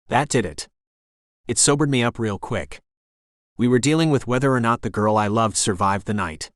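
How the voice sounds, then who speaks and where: A man narrating a romance audiobook in the first person with steady, intense storytelling on a close studio mic. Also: medium pitch, moderate pace, dry recording.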